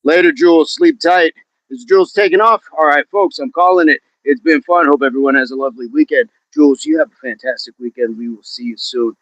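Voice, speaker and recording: A man's voice: a little high, brisk, a bit bright, no room sound, low-quality recording. A man hosting a casual fitness livestream outdoors, upbeat, reading out viewer comments and joking around while he exercises. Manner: upbeat, reads viewer comments aloud and jokes about accents. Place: outdoors in wind.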